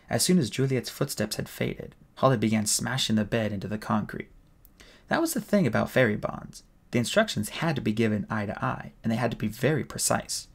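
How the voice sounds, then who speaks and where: Gravelly man reading a novel aloud. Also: medium pitch, expressive, brisk. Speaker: audiobook reader.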